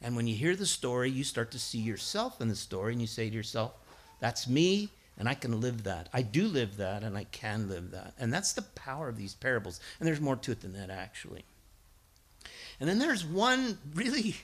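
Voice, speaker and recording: A middle-aged man preaching a sermon with a bright, forceful tone. His pitch swings widely as he tells stories, acts out other people's voices and rises to emphatic high points. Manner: storytelling, acts out voices, builds to emphatic peaks. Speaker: guest preacher and schoolteacher.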